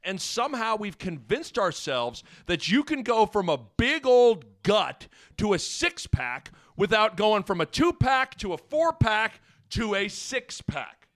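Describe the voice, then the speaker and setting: A man's voice: high-pitched, big pitch swings, unhurried, hardly any pauses, fairly bright tone. A man hosting a sports talk show, rambling casually and joking, piling on analogies. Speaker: sports radio host.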